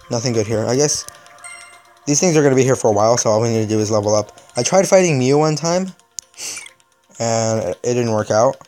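A man's voice: mid-range voice, mellow. Sarcastic young man grumbling over a game. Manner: exasperated, sarcastic. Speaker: gaming video host. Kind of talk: casual gameplay commentary.

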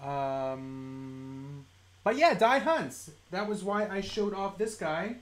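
A live-stream host talking casually about toy collecting at a home desk mic, chatty, mildly profane and quick to laugh. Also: mid-range voice, expressive. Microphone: desk microphone.

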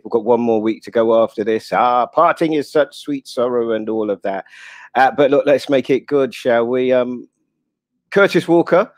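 A man with a London accent hosting a radio talk show, relaxed and jokey. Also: medium pitch, no echo. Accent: London English. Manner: laid-back, jokey, laughs easily. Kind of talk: casual radio chat.

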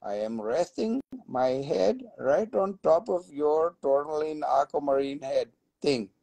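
A man voicing a talking mineral specimen with a long face, speaking slowly with a lisp and begging to be bought. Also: fairly high pitch, vocal fry, warm tone, dry recording, voice pushed down. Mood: cheeky. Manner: slow, lisping, pleading to be bought.

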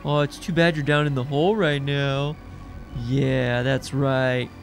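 A man giving excitable gameplay commentary, full of taunting trash talk aimed at the monsters he is fighting. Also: medium pitch, unhurried, faint music behind. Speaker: gaming YouTuber.

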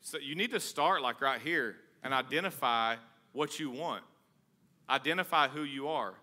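A man preaches to his congregation in a loose, chatty way, joking and pushing with energy. His voice is very bright and forward, sitting at an ordinary pitch for a man. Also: normal speed. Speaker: pastor. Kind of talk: conversational sermon.

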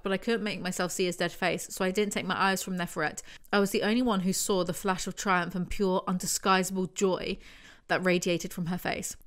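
A woman reads book passages aloud in an even voice pitched in the middle of her range, then drops into sarcastic commentary. Her asides are wry and snarky, like a reviewer roasting the story as she goes.

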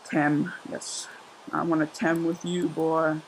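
A young man giving casual, excitable commentary while he plays a survival game, exclaiming and joking sarcastically. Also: fairly high pitch, slow pace, gravelly, a little hiss or hum, poor audio. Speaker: gameplay commentator.

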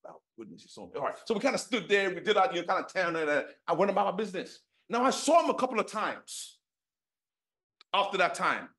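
Middle-aged male preacher from London, a touch high, animated storyteller who voices the people in his story. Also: fast talker. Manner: animated storytelling, acts out dialogue, many fillers. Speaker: pastor. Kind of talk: sermon with personal story.

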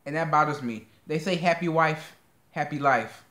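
A man's voice: a little high, normal speed, bright, forceful tone. American man, co-host, bantering and defensive, roomy echo. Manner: teasing, playfully defensive. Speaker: co-host of a couple's channel. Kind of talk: casual couple banter.

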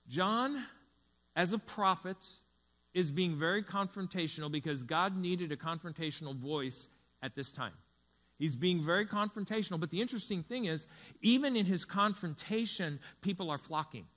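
A pastor delivers a sermon in a fairly high voice. He tells stories and acts out the quoted speech with rising energy. A faint mains hum sits under the recording. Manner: tells a story, reading dialogue with lively voices. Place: church sanctuary.

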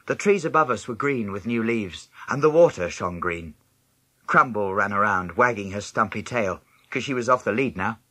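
Lively dry-sounding male storyteller. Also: normal speed, dry recording. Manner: lively storytelling, jumping high in pitch for other characters' lines. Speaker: audiobook narrator. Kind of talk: scripted first-person narration of a children's novel.

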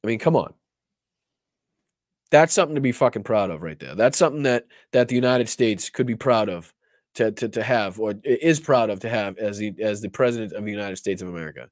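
A man's voice: lowish voice, lively intonation, brisk, dry recording, clean studio sound. A man hosting a political livestream, talking casually with a lot of profanity and rambling restarts. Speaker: political talk show host.

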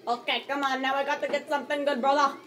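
A woman's voice: high voice, level tone, quick pace, bright, forceful tone, some chatter behind. A teenage girl playing a racing game with a friend, trading playful mock threats and teasing banter. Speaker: co-player. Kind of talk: casual gameplay banter.

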